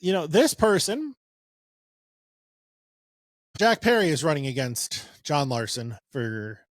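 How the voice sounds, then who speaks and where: Man, podcast co-host, slightly high voice, rambling and sarcastic, dry close sound. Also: sing-song, slow, dry recording. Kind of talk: casual political podcast chat.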